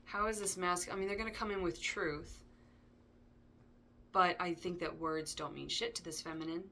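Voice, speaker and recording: A woman's voice: lowish voice, steady tone, normal speed, bright, forceful tone, slight background noise. A woman giving a casual tarot reading, chatty and digressive, with frequent ums and asides. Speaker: tarot reader.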